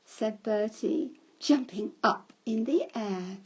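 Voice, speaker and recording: A woman telling a children's story in a slow storybook manner, breaking into shouted cries for the characters. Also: medium pitch, breathy edge, muffled recording.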